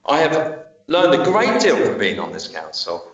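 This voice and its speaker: A man, a town councillor, giving an earnest and halting speech at a council meeting, then answering a challenge defensively. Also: medium pitch, huge pitch swings, lo-fi sound. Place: town hall council chamber. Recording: very echoey room, distant mic.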